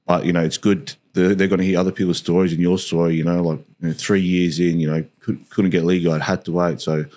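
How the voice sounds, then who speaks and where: Australian man, podcast host, very deep voice, rapid rambling chat. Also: flat delivery, warm tone. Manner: rambling, lots of "you know" fillers. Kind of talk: casual interview chat.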